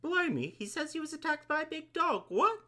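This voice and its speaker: Shrill falsetto fake-British auditioners. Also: male voice, sing-song, a little slow, bright, forceful tone, exaggerated voice. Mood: hammy. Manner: squeaky falsetto, clumsy fake British accent. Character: hammy amateur auditioners faking British accents, shrill falsetto. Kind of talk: comedy sketch.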